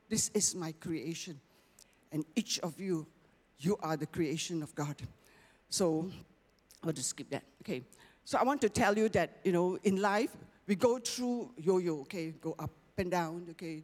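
A preacher giving a sermon, often checking in with the congregation with "okay?" and "right?", and slowing down on scripture lines. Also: medium pitch. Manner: slows down and lifts the voice on scripture lines. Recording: long reverb of a large hall.

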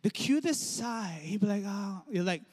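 A man in his thirties preaching a sermon, telling stories and letting his phrases trail off softly. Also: high-pitched, animated, moderate pace. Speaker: pastor. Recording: long hall reverb.

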